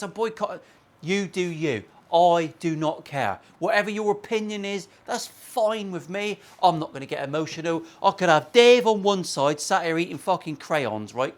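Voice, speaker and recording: A man, a guitar maker and channel host, ranting bluntly and profanely in a casual opinion vlog from his workshop. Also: on the high side.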